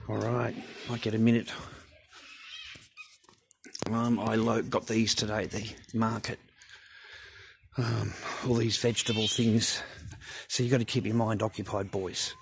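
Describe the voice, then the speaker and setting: A man's voice: on the low side, little pitch movement, measured pace, long pauses, slight background noise. A man talking to camera in his garage, in a blunt, rambling rant full of swearing. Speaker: vlogger. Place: home garage.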